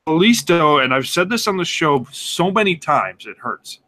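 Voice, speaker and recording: A man co-hosting a casual sports podcast, excitable and sarcastic, swearing and laughing as he talks. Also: fairly high pitch, normal speed. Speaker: podcast co-host.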